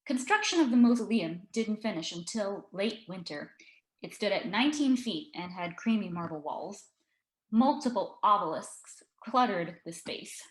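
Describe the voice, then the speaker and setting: A woman author reads her own story aloud, expressive but dry in her narration. Her voice sits at a middle pitch and rings in an echoey room.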